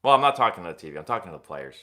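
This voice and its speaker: A young man hosting a casual live stream, answering viewer questions in a rambling, animated sports-fan way. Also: deep voice, rapid-fire. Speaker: host of a live baseball Q&A stream.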